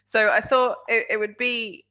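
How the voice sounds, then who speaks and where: A woman's voice: on the high side, steady tone, a little slow, sharp tone. A woman chatting enthusiastically on a video call, laughing as she talks. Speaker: guest. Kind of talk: casual chat.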